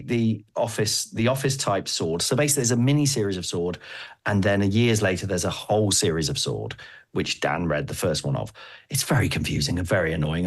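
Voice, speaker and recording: A man hosting a casual podcast chat about comics, enthusiastic and laughing often. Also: sits low. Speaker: podcast host.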